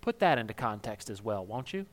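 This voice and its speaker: A man's voice: on the low side, big pitch swings, a little fast. Conversational male pastor sharing a story. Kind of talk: informal sermon.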